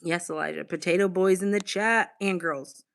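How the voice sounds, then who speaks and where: A woman's voice: lowish voice, steady tone, moderate pace, gravelly. A woman from Boston hosting a casual livestream, chatting candidly and reacting to viewers' comments as she reads them aloud. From Boston, United States. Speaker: livestream host.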